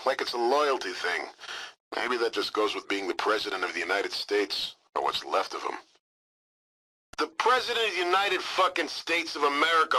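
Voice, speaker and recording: An actor playing a gruff, mocking male military radio officer in a video game, heard over a radio transmission. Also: on the high side, bright, forceful tone, exaggerated voice, poor audio.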